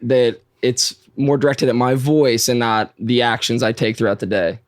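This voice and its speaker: A man on a casual podcast, speaking calmly and carefully politely. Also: medium pitch, moderate pace, no room sound, studio quality. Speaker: podcast co-host.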